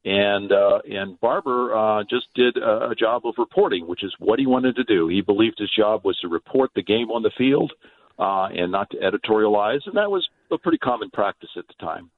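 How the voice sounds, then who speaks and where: Male phone-in guest, lower voice, hesitant, lots of filler, tinny line. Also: expressive, a little fast. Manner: hesitant, many filler sounds. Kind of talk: interview answers.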